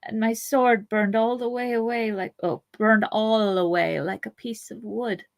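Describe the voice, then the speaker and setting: A woman's voice: fairly high pitch, fairly even intonation, a little slow, gravelly. Woman voicing Merry, a wounded faltering hobbit. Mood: weary. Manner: faltering, trailing off. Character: wounded young male hobbit, weary and frightened.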